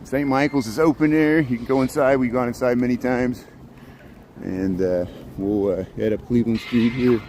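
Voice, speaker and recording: A man's voice: fairly even intonation, normal speed, a little mellow, slight background noise. A man chatting casually to his viewers as he walks the streets at night, talking into a handheld phone. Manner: chatty, greets dogs in a high baby voice, laughs often. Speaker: walking livestream vlogger. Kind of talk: casual street chat while walking. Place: outdoors on city streets at night.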